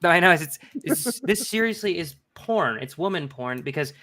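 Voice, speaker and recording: A man's voice: fairly high pitch, expressive, normal speed, bright, forceful tone. A man co-hosting a casual podcast chat, telling crude stories about his wife with frequent laughs. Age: adult. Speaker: podcast co-host.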